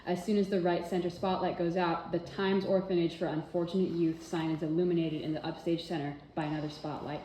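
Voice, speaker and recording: A woman's voice: fairly low pitch, level tone, warm tone. Woman reading stage directions aloud. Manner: brisk, matter-of-fact. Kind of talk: script read-through narration. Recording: roomy echo, faint noise.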